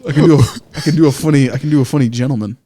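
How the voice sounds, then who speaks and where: A young man co-hosting a podcast, chatting in an animated, rambling way and swearing casually. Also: mid-range voice, rapid-fire. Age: young adult. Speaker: podcast co-host.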